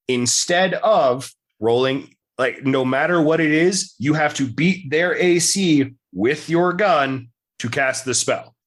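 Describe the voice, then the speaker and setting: A man's voice: a little high, slow. A man running a tabletop game, explaining the rules casually and swearing now and then. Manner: casual, swears freely, laughs between points. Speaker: game master.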